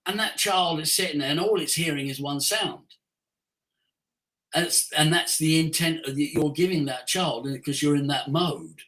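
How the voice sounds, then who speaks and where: Give me an expressive voice coach who swings pitch and pace, middle pitch. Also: moderate pace, rough recording. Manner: acts out everyday scenes in changed voices. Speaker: guest voice coach. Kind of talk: podcast interview, coaching talk.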